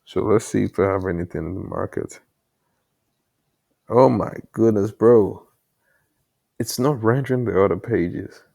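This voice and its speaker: Coding late into the night, a developer vlogger with an African accent rambles casually to himself with many fillers and mild curses. His low voice is gravelly, husky and darkish, fairly quick, with hardly any pauses, captured by a headset mic held far from his mouth.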